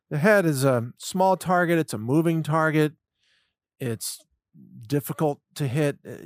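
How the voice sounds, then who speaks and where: A man's voice: mid-range voice, dry recording, studio quality. A man giving a solo commentary monologue, sarcastic and mocking, with scoffing laughs. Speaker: political commentator.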